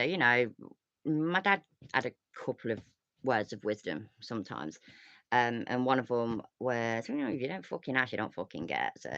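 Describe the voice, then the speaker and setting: Gravelly, sweary woman chatting. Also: rumbling low, a bit bright, dry recording, muffled recording. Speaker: host. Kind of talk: casual livestream chat.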